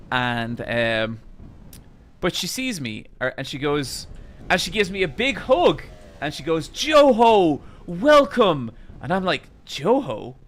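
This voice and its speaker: A man streamer telling a long anecdote to his chat, animated and casually swearing as he rambles. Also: fairly high pitch, slight background noise.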